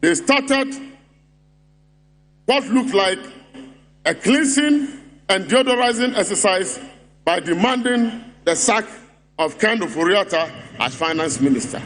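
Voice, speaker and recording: Man, Ghanaian English accent, high-pitched, mocking rally speech, repetitive rhetoric. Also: animated, a little slow, long pauses, fairly bright tone. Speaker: political speaker at party congress.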